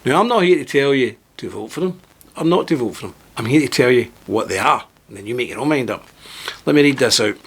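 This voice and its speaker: A man hosts his own political video channel, delivering a heated, indignant monologue to camera, partly read from a script. He talks fast in a husky, animated voice, with sudden emphatic jumps in pitch.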